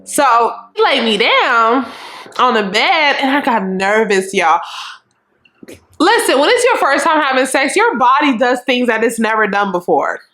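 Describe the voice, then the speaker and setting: A young adult woman vlogger telling a storytime in a frank, animated and profane way, acting out what people said. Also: a little high, measured pace. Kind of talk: casual storytime.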